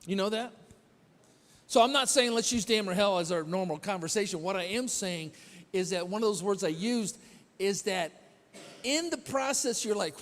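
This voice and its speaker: High-voiced chatty pastor in a reverberant church. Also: male voice, expressive, normal speed. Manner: chatty, quizzes the congregation, self-deprecating humor. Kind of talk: conversational sermon storytelling. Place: church sanctuary. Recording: long hall reverb in a church.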